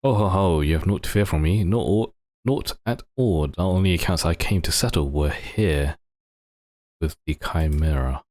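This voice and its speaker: A man's voice: low voice, moderate pace, a little mellow, no room sound, lightly acted. A man reading aloud the archaic, exclaiming lines of a blustering old father figure in a game.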